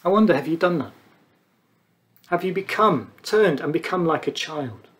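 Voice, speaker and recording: A high-pitched man delivering a sermon in an earnest, measured way. He pauses between short phrases and lets his voice sink low on the words he wants to land. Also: lively intonation. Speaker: preacher.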